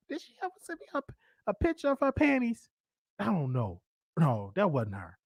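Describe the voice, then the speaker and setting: A man hosting his own show in rambling, animated casual chat, thinking out loud. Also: high voice, normal speed, gravelly, no room sound, clean studio sound. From Dallas, Texas. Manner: rambling, animated, talks to himself aloud. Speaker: show host.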